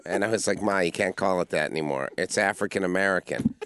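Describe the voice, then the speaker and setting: A man in casual comedic podcast chat, telling crude stories with a deadpan delivery. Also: sits low, quick pace, clear, resonant tone. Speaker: podcast co-host.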